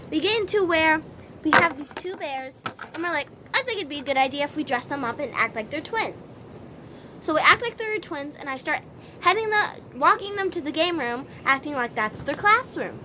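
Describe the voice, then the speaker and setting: High bright woman telling a rambling story. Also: a little hiss or hum. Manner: rambling, many "so" and "like" restarts. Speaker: vlogger. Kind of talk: casual storytelling to camera.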